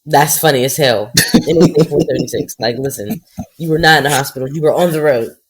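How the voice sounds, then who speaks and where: A woman co-hosting a podcast, reacting in animated casual chat and often laughing. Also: low voice, fast talker, slight background noise. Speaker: podcast co-host.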